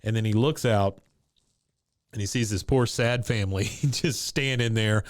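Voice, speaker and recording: A man's voice: fairly low pitch, normal speed, dry recording, clean studio sound. A man co-hosting a podcast, casually retelling an episode scene by scene and laughing often. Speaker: podcast co-host recapping an episode. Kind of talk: casual chat.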